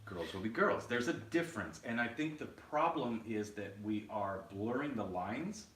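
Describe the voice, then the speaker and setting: This podcast co-host has a lowish, slightly bright voice and talks animatedly at normal speed. He's casual, opinionated and blunt, cursing freely, captured with roomy echo, a far-off mic and a little noise.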